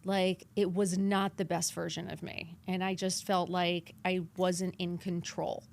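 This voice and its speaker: A woman in her fifties from New York, with a New York accent, telling her story as a podcast guest, animated and acting out her past lines in quotes. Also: on the low side, unhurried, gravelly, slight background noise. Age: 50s. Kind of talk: candid interview storytelling.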